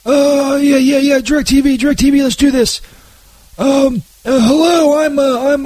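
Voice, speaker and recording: Comic sidekick: man, very high voice, stammers and swears, boastful. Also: steady tone, a little slow, darkish tone, no echo. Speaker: comedy sidekick. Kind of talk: comedy radio bit.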